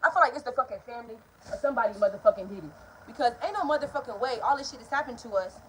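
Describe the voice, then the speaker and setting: A woman in her twenties telling a profane, animated storytime to camera from home. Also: fairly high pitch, racing, a little hiss or hum, rough recording. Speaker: vlogger. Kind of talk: storytime vlog. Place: at home indoors.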